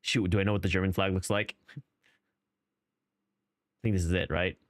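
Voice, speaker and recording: A man's voice: deep voice, fairly even intonation, normal speed, dry recording, clean studio sound. A man streaming a game who rambles through casual commentary, questioning himself and restarting his sentences often. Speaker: gaming streamer.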